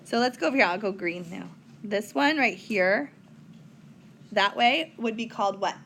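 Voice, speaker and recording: A woman's voice: medium pitch, expressive, normal speed, a bit bright, a little hiss or hum. A woman teaching a recorded whiteboard math lesson, chatty, with playful asides to her students.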